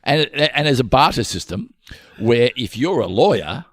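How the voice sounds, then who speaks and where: A man with a croaky voice, co-hosting a comedy chat podcast and acting out people in rambling stories. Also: medium pitch, moderate pace, no echo. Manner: rambling, acts out characters in animated voices. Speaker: podcast co-host.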